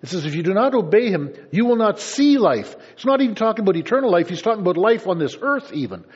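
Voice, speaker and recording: Pastor guy giving a sermon, kinda husky, pitch jumps all over, dull lo-fi sound. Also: very animated, racing. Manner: conversational, playful asides to congregation.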